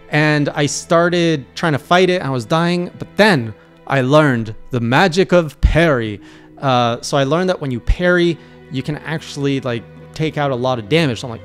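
A man's voice: on the high side, fairly quick, clear, resonant tone, faint music behind. A young man recapping a video game run in a casual video journal, acting out his own panicked reactions as he tells it. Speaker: streamer recapping his playthrough.

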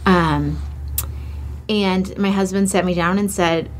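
A woman's voice: fairly low pitch, fairly even intonation, takes it slowly, slight background noise. A woman from Michigan, co-hosting a casual chat with her husband, telling a personal story in a candid, heartfelt way. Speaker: co-host, host's wife.

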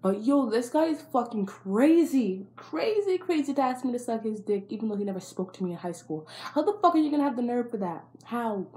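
A woman's voice: fairly high pitch, animated, brisk, hardly any pauses, darkish tone. A young adult woman telling a storytime vlog in a blunt, profane and exasperated way. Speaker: vlogger.

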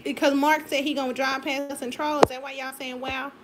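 A woman's voice: high voice, level tone, a little fast, very noisy. A woman speaking who hosts a cooking stream in a home kitchen, teasing and bossing her partner while reading out viewer comments. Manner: teasing, laughing, bossy toward partner. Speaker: channel host filming and reading comments. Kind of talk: casual livestream chat while cooking.

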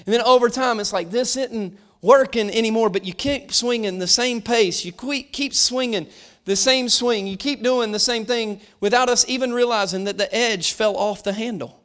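A man preaching a sermon as pastor, lively and animated, shouting at peaks and dropping to a hush, often restarting phrases and acting out voices. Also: very high voice, moderate pace.

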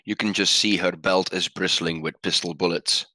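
A man with a very low voice and a bright, forceful tone describes his character in casual tabletop play. He talks hesitantly with fillers. The sound is close and dry. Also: fairly even intonation, moderate pace, no room sound. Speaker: player.

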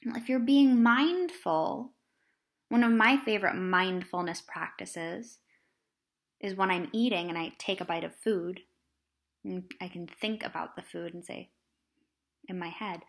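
A woman teacher explaining a lesson to children in a lively, animated way. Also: medium pitch, measured pace. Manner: animated, acts out examples in different voices.

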